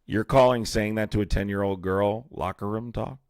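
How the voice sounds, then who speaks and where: Young male streamer, low-pitched, dry close mic. Argumentative and angry as he answers chat comments. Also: steady tone, normal speed, vocal fry, dry recording. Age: young adult. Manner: heated and confrontational, calling out commenters by name. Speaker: livestream host. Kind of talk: live-stream chat, reacting to viewer comments.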